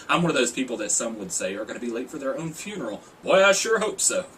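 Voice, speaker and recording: Male vlogger, sarcastic and jokey, pitch jumps all over, set back from the mic with faint room hiss. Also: big pitch swings, fast talker, fairly bright tone, far from the mic, rough recording. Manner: joking, sarcastic, laughs often. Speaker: video blogger reviewing a TV singing contest. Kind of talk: casual chat.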